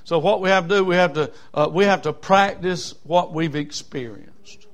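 A man, a preacher telling a folksy story in a sermon that builds from quiet asides to shouting. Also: fairly high pitch, normal speed.

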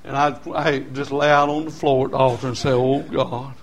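An older man, preaching a sermon as pastor in a folksy storytelling way, swinging from quiet talk to shouting. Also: medium pitch, little pitch movement, brisk.

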